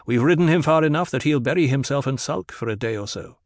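A man's voice: mid-range voice, animated, quick pace, dry recording, clean studio sound, natural voice. A man voicing a resolute young male duke turned desert leader in an audiobook reading, speaking firmly and with command. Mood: plain. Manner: firm and commanding.

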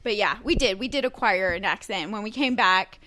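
A woman from Texas with a Texan accent, co-hosting a casual drinking podcast with quick, agreeable interjections. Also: medium pitch, pushed and bright, slight background noise. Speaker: podcast co-host.

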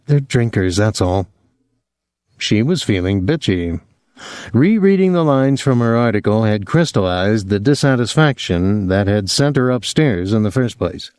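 A man narrating a novel as an audiobook in a measured, expressive storytelling voice, on a close microphone. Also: lowish voice, clear, resonant tone, dry recording. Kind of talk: scripted narration.

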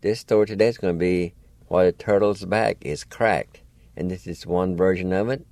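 A man hosting a radio show, calmly introducing a storyteller in a measured way. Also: deep voice, no echo. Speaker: radio host.

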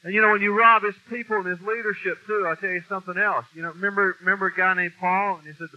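Man, preacher, informal sermon, blunt and folksy, high voice, dull lo-fi recording. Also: steady tone, rapid-fire, hardly any pauses. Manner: blunt, folksy, mild cursing, emphatic. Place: meeting room with a mic.

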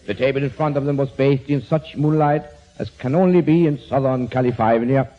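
A man's voice: mid-range voice, fairly even intonation, brisk, muffled recording. Playful man on a noisy old radio broadcast. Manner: playful, swapping numbers into words, chuckling. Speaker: comedian and pianist. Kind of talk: comic monologue reading.

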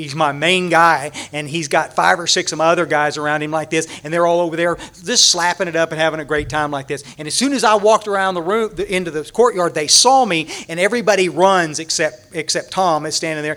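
A man, speaking at a recovery conference and animatedly acting out a story for the audience, with many restarts. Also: fairly high pitch. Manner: animated, acts out scenes, frequent restarts. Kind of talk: storytelling talk to a large audience.

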